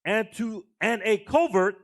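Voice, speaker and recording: A man reading scripture aloud in a church service, slow and measured. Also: high voice.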